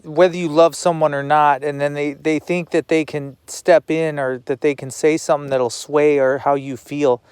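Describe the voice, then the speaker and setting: A man's voice: a little high, flat delivery, moderate pace, hardly any pauses, darkish tone, clean tone, no echo. A man talking to the camera in a rambling personal monologue, repeating words and swearing now and then.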